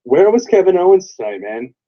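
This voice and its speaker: A man's voice: high-pitched, big pitch swings, brisk. Blunt, swearing man on dull audio. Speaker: podcast co-host. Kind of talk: casual wrestling podcast chat.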